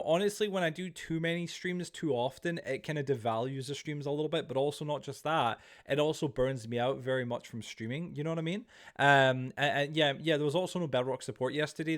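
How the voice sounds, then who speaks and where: A young man chatting casually on a live stream, greeting chat and rambling with many restarts. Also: medium pitch.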